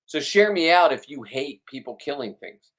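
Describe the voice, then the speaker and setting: A man's voice: on the high side, lively intonation, normal speed, fairly bright tone. Man rambling and joking to viewers. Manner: joking, boastful, off-the-cuff. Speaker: vlog host. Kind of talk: casual rambling chat.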